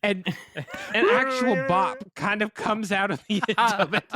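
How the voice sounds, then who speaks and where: A man hosting a casual podcast, running a game and reading headlines slowly, laughing often. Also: high voice, crowd noise. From Florida. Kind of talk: casual chat.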